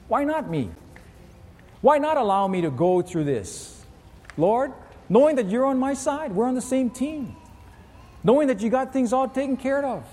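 A man preaching a sermon as pastor, animated, acting out pleading voices with big leaps in pitch. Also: normal speed, long reverb tail.

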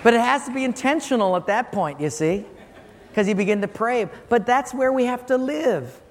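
Pastor, male, very high voice, animated storytelling sermon; big hall reverb. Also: moderate pace. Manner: animated, acts out quoted callers. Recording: long hall reverb, faint room noise.

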